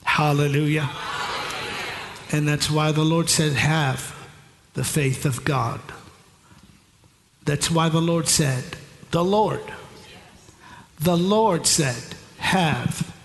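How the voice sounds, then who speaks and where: A man preaching a sermon with emphatic repetition, now and then rising into shouted refrains. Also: a little high, drawn-out words, long pauses, a little hiss or hum. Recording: long hall reverb, faint ambience.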